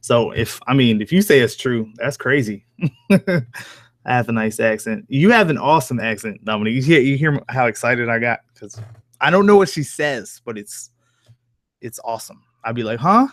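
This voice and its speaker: A man's voice: medium pitch, animated, normal speed, no room sound. A man with an accent that blends New Jersey and Southern country talks loosely and casually, reading and answering viewer comments on a live stream. He swears freely and chuckles often, and his voice sits in the middle range. The sound is close and dry. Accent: mix of New Jersey and American Southern country. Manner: loose, laid-back and profane, with frequent chuckles. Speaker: horror story narrator live-streaming. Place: at home.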